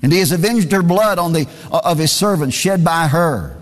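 Male preacher, emphatic and repetitive delivery, somewhat high-pitched, recorded in a big echoing church. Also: lively intonation, moderate pace. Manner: emphatic, repeats key phrases. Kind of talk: sermon.

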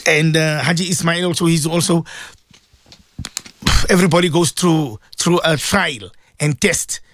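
A man's voice: a little high, a little slow, a bit bright, no echo. A man hosting a devotional radio talk, preaching fervently and repeating himself as he pleads with listeners. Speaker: religious radio host.

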